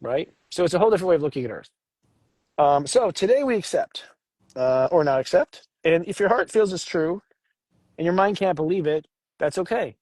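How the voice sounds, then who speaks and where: A man co-hosting a casual spiritual talk about astrology, animated and joking. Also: brisk, no room sound. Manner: animated, jokes, acts out voices with big pitch jumps. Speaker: astrology show co-host.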